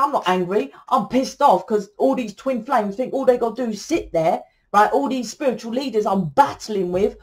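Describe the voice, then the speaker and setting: A woman's voice: medium pitch, a little mellow. A British woman tarot reader talking to camera in a blunt, ranting, freely swearing monologue.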